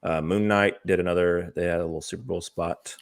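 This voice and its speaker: Man, very deep voice, gravelly, casual podcast chat, hesitant fillers. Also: fairly quick. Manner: relaxed, hesitant, lots of fillers. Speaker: podcast co-host. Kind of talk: casual chat about movie trailers.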